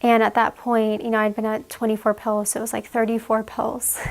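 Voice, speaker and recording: Halting young woman recounting an ordeal. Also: a little high, monotone, creaky. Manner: halting, fillers, many "like"s. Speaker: interviewee. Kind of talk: emotional personal account.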